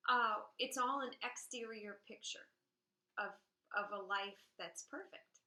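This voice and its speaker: A woman teaching a literature lesson, her voice bright and a little high. She walks through ideas step by step and reads poetry aloud with lively emphasis. The room around her rings with echo. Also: measured pace. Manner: explains step by step, checks in with "all right?". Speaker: high school English teacher. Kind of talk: recorded classroom lecture.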